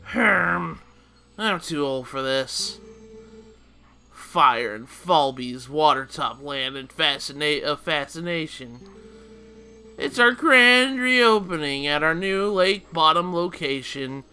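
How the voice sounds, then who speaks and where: Grumpy tired game shopkeeper guy, a let's player reading him, sarcastic grumbles, bright edgy tone. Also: on the high side, lively intonation, slow, clear, resonant tone, soft background music, full character voice.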